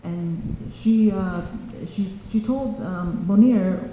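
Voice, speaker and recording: A woman's voice: medium pitch, background noise. A woman telling a children's story in a church, stopping and restarting her sentences often. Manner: halting, with many fillers and restarts. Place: church hall. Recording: echoey church hall.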